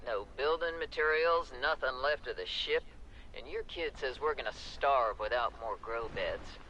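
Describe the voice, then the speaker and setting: A blunt, grim castaway speaks in a middle-range voice. He talks hard and challenging, as in a video game voice log. A steady hiss sits clearly under the recording. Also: medium pitch, unhurried, low-quality recording.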